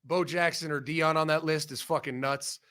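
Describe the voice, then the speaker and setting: A man from Ohio, a former football coach, chatting as a guest and telling profane, animated stories. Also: fairly high pitch, normal speed. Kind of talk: casual sports chat.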